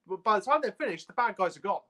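A man's voice: sits high, animated, fast talker, bright, forceful tone. A man co-hosting a casual podcast chat, exasperated, firing rhetorical questions and laughing often. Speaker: podcast co-host.

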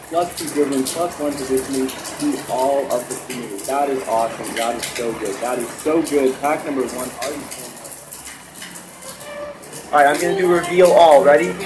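A mobile game YouTuber walks through card pack openings, dropping into quiet mumbles and then rising into excited bursts. The voice sits at a middling pitch. Music plays clearly behind. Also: poor audio. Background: clear background music.

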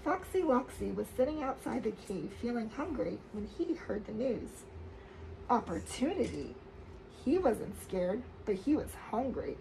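A woman reading a children's story aloud at a camp, expressive with loud dramatic outbursts. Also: a little high, measured pace, creaky, a little hiss or hum, poor audio.

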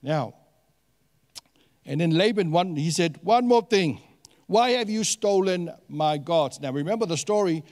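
A man preaching a sermon as a pastor, animated and questioning his congregation, with many fillers and restarts. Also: a little high, long reverb tail.

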